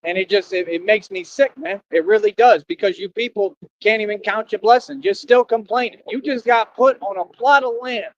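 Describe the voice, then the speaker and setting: A defiant man rants on a livestream. He preaches and scolds, swinging from shouts to low brooding. The audio is dry and dull, with a lo-fi stream sound. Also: normal speed, few pauses, no room sound. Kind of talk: impassioned streamed rant.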